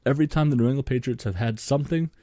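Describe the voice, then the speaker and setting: A man's voice: mid-range voice, racing, dark tone, no echo, studio quality. A young man, co-hosting a podcast and ranting sarcastically about sports, swearing freely. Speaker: podcast co-host. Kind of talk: solo sports podcast rant.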